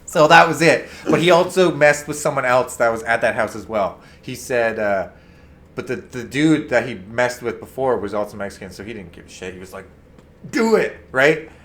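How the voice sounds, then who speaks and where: A man co-hosting a casual talk show, telling a story with big swings between loud and quiet. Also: medium pitch, a little fast. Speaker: co-host. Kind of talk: casual chat.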